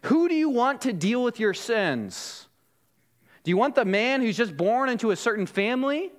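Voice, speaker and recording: Brief: male pastor with a high voice, teaching through a sermon, asking rhetorical questions. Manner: explanatory, frequent rhetorical "Right?" checks.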